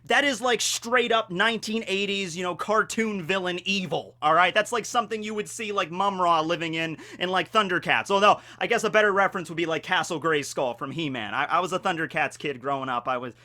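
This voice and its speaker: High, bright-voiced man in his forties. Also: brisk, few pauses. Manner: animated and jokey, with many fillers. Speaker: YouTube host. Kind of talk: casual fan commentary.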